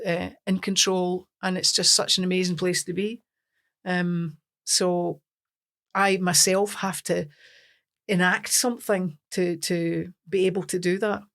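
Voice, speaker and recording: A Scottish woman, a singer, telling self-mocking stories in a casual interview. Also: fairly low pitch. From Scotland. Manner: animated storyteller, self-mocking.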